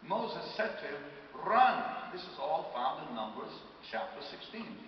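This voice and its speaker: Man preaching, dramatic and drawn out, lively rising pitch, distant roomy hall recording with noise. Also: muffled recording. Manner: dramatic, slows for emphasis, rising to shouts. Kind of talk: sermon.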